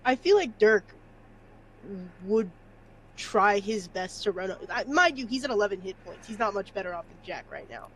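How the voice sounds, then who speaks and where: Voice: medium pitch, expressive, moderate pace, low-quality recording. A player at a tabletop game, tearful and rambling, with many fillers.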